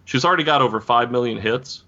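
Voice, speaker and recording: A man's voice: mid-range voice, quick pace, sharp tone. A man co-hosting a podcast, chatting casually in a rambling, amused way. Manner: rambling, amused, eager to share. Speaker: podcast co-host. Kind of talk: casual chat. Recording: dull lo-fi podcast audio.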